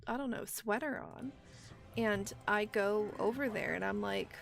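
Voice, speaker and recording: A woman's voice: mid-range voice, measured pace, vocal fry. A young woman streaming a game, chatting casually, swearing and laughing as she tells stories. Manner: swears a lot, laughs often, storytelling. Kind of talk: casual livestream chat while gaming.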